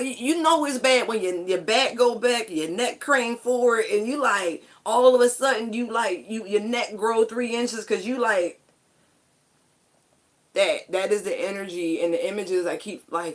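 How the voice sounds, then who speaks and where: A woman's voice: medium pitch, a little slow. A woman giving a casual spiritual tarot reading, chatty and emphatic, with casual swearing. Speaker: tarot card reader.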